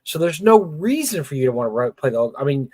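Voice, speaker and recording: A man's voice: on the high side, big pitch swings, quick pace, dark tone, no room sound. A middle-aged man co-hosting a casual gaming livestream, blunt and opinionated, often repeating words as he talks. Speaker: podcast co-host.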